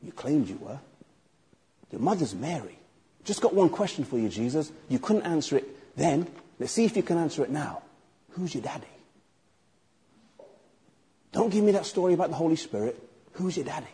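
A man voicing a skeptical older churchgoer who mocks in a low, muttering voice. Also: sing-song, moderate pace, long pauses, dark tone. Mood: taunting. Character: skeptical older man in the back pews, mocking.

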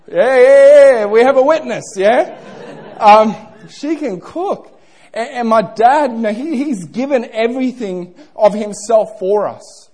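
A man's voice: very high voice, lively intonation, measured pace, darkish tone, slightly rough. A young man preaching a sermon, playful and interactive, asking the congregation questions.

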